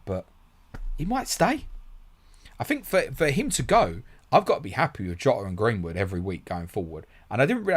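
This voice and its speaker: A man hosting a casual live stream, reading out viewer questions and answering bluntly with swearing and laughs. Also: lowish voice. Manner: blunt, swearing, laughs often, reads comments aloud quickly. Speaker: host of a fantasy football stream.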